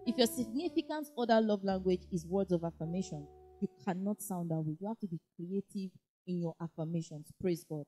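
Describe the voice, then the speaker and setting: A woman preaching in a lively way, acting out little dialogues and often saying "praise God". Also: medium pitch. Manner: animated, acts out dialogue, frequent "praise God". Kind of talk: lively sermon teaching.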